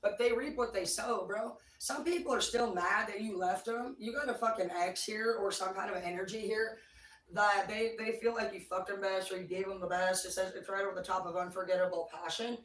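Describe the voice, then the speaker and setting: A tarot reader gives a casual reading, blunt, rambling and swearing freely, in a mid-range voice with fairly even intonation, a brisk pace and a fairly bright tone. She sits far from the mic in an echoey room.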